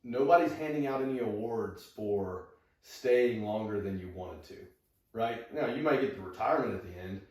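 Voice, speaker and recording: A man in his thirties tells his story in an easy, wandering way, with plenty of fillers and restarts. His voice sits low, and he is heard a little away from the mic. The room rings with heavy echo. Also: moderate pace, darkish tone. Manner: rambling, many fillers and restarts. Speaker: podcast guest, veteran. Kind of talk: casual conversation. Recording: echoey room, far from the mic.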